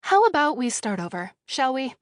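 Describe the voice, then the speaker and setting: A woman's voice: sits high, sing-song, normal speed, no room sound, studio quality. A woman doing a breezy, chatty young woman. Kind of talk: audiobook dialogue.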